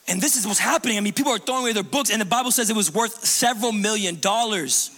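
A male pastor delivers a sermon in a notably high, bright voice. He talks conversationally and animatedly, restarting phrases as he goes. The church hall gives every sentence a long, ringing reverb. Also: fast, few pauses. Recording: long reverb of a large room.

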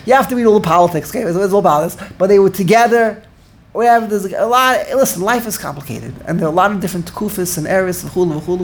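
An older man teaching an informal Torah class, animated, repeating words and searching for the right word. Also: sits high, slight background noise.

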